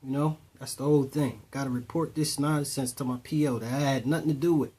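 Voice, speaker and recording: Brief: man, mid-pitched voice, conversational storyteller, voices the other people in his stories. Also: fairly even intonation, brisk, warm tone, slightly rough. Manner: conversational, retells dialogue in voices, repeats "boom". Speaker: storyteller addressing youth. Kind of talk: casual spoken storytelling.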